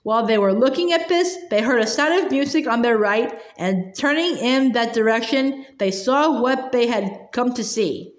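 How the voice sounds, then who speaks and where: A woman's voice: fairly high pitch, lively intonation, moderate pace, few pauses. A woman reading a children's novel aloud, often stumbling with fillers and restarts. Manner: hesitant, with frequent fillers and restarts. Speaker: storybook reader. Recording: roomy echo.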